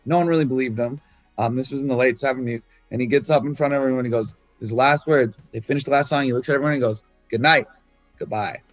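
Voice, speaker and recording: A man's voice: medium pitch, steady tone, fast, no room sound, soft background music. A man talking about writing his album, loose and candid, swearing freely and full of fillers. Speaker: musician discussing his album. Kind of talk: casual talk about songwriting.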